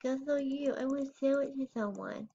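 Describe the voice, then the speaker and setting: A woman's voice: high voice, normal speed, creaky, dark tone, lo-fi sound, slight background noise. A female voice giving casual, rambling commentary while playing a game, often unsure of herself and squealing over cute items. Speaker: gamer showing her game house.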